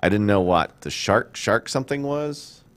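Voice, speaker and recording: A middle-aged man hosting a casual studio chat, joking and rambling in an animated way. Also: lowish voice, normal speed. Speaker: show host.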